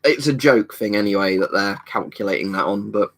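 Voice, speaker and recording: An easygoing man, talking casually on a home livestream. He rambles from one viewer comment to the next, reading each one out and answering it in an unhurried way. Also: on the low side, creaky. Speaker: livestream host. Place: indoor storage room at home.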